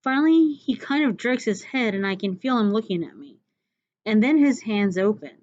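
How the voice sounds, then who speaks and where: A woman reading a novel aloud chapter by chapter, with expressive, dramatic delivery. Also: medium pitch, moderate pace, muffled recording. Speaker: reader.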